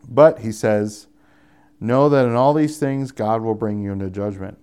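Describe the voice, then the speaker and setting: A man's voice: fairly low pitch, measured pace, darkish tone, smooth. A young adult man preaching a conversational sermon as pastor, often rising into emphatic appeals.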